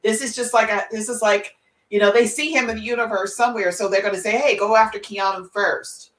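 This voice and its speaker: A woman's voice: mid-range voice, fairly even intonation, a little fast, fairly bright tone. A woman making insistent points as a panelist in a casual podcast chat, often repeating herself. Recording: echoey room, far from the mic.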